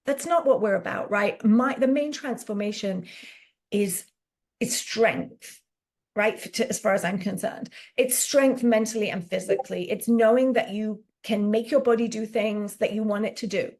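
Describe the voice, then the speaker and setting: A woman fitness coach chatting in an interview. She tells her story with animation, acts out little quotes in her stories and leans on casual fillers. Her voice sits at a middling pitch. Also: moderate pace, a little mellow.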